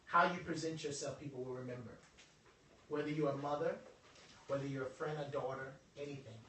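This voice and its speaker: A man giving a joking, animated motivational workshop talk to a group. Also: mid-range voice, recorded from a distance, a little hiss or hum. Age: adult over twenty-five. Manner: animated, joking, preacher-like delivery. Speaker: motivational speaker. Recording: echoey room, voice from afar.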